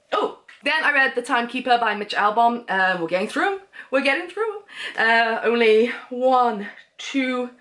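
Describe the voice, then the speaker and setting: A woman's voice: medium pitch, a bit bright. Chatty rambling woman. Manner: rambling, chatty, loses her train of thought. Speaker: book vlogger. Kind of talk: casual monthly reading wrap-up.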